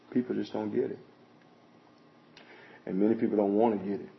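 A man's voice: lowish voice, creaky, slight background noise. A man preaching a sermon, emphatic and full of rhetorical questions, citing scripture chapter and verse. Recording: dull lo-fi recording.

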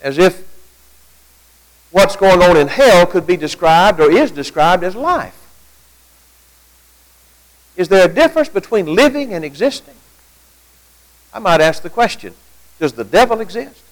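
A man delivers a sermon to his congregation in a high-pitched voice. His delivery is very animated, with wide swings of pitch as he poses rhetorical questions. He reads quotations aloud and then answers them. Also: unhurried, pauses often, poor audio. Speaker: preacher. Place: church gathering at night.

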